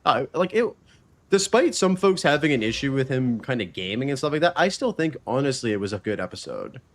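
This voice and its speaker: A man's voice: medium pitch, big pitch swings, a little fast. A man hosting a live stream, chatting loosely and swearing freely while he plays a game and talks about his podcast. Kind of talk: casual live-stream chat while gaming.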